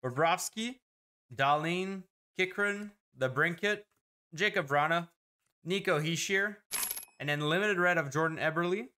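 An excitable man talks through a card-opening video, listing player names quickly and breaking into exclamations. His voice sits a little high for a man and sounds bright and forceful. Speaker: host opening hockey card packs. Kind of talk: casual card-opening commentary.

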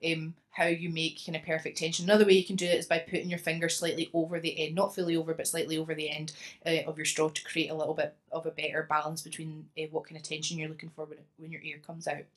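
A woman's voice: low voice, completely flat delivery, fast talker. A young woman from Scotland, teaching a singing lesson as a vocal coach, talking chattily and often laughing.

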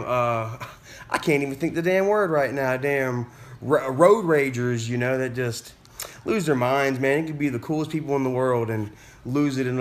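Speaking to camera, a male vlogger casually tells a story, rambling with plenty of fillers, restarts and casual cursing. His voice is medium in pitch.

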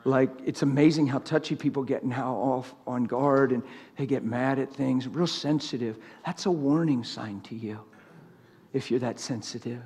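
A man's voice: mid-range voice, darkish tone, husky, long reverb tail. A middle-aged man preaching a live sermon in a church, plain-spoken and teasing, laughing along with the crowd.

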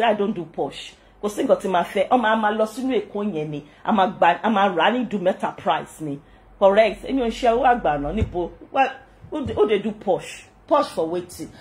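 Animated Nigerian woman ranting with laughs. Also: on the high side. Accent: Nigerian, Yoruba-speaking. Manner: animated, mixing English, Pidgin and Yoruba, frequent laughter, indignant. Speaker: channel host. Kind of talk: casual vlog rant.

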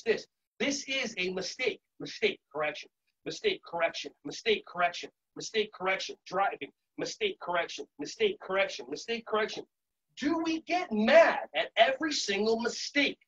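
An upbeat man with a high, husky voice leads a live online yoga warm-up for teachers. He coaches with playful, encouraging cues. The stream audio is muffled and lo-fi. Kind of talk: live virtual workshop instruction. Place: home setting.

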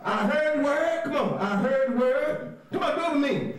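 A man teaching a call-and-response Bible lesson, often shouting, laughing, and spelling words out letter by letter. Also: very high-pitched, expressive, normal speed, far from the mic. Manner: laughs often, coaxing the class to repeat. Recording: very echoey room.

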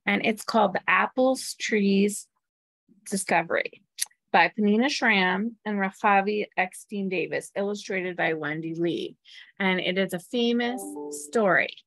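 A woman's voice: mid-range voice, unhurried, no echo. Woman reading a picture book aloud. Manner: warm, asks listeners questions. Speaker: temple staff or clergy storyteller.

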